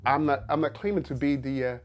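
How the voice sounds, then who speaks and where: A man's voice: medium pitch, quick pace, soft background music. A man who works as an actor, talking casually to the camera and breaking off into quoted asides and restarts.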